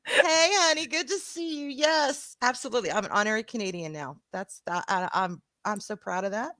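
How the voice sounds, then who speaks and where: A woman's voice: medium pitch, fairly quick, fairly bright tone, no echo. A woman with a Southern US accent, co-hosting a casual livestream and greeting her chat, calling viewers sweetheart and honey with a giggle. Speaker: co-host of a stream.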